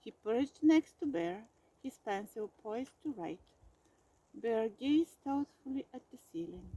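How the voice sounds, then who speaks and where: Storybook narrator, woman; unhurried, expressive, mellow, dry slightly dull recording. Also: fairly high pitch, husky. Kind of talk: storybook read-aloud.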